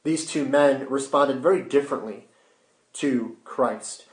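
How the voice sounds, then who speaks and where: A man preaching a sermon with rhetorical questions and sudden hushed drops. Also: mid-range voice, a little slow. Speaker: pastor. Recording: roomy echo.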